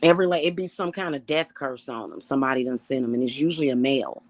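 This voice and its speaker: A middle-aged woman, a self-styled high priestess, ranting to her viewers in a casual, emphatic and profane way. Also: fast, no room sound. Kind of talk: casual spiritual rant to camera.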